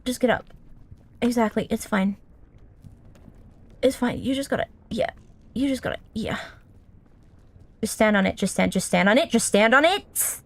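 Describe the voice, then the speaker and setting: A woman's voice: on the high side, moderate pace, pauses often, husky. A young woman streamer giving casual gameplay commentary, swearing often and scolding the game character.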